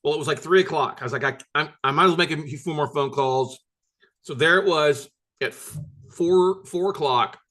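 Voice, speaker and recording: A man's voice: fairly high pitch, normal speed, pushed and bright. Blunt guy running a workshop, repeats himself a lot to hammer points, swears a bit. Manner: emphatic, repetitive, blunt with mild swearing. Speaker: workshop host and note-buying coach. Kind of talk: recorded workshop lecture.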